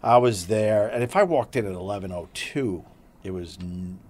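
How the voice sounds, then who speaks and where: A man's voice: fairly low pitch, normal speed. Man telling rowdy family stories. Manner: swearing, storytelling with loud bursts of laughter. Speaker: podcast co-host. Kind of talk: casual chat.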